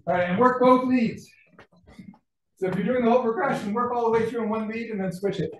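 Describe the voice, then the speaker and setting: A man's voice: very high-pitched, steady tone, quick pace, a little hiss or hum. A man teaching a martial arts class, calling out combinations and checking in with his students, sounding out of breath. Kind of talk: class instruction. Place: training gym. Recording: echoey gym from far off.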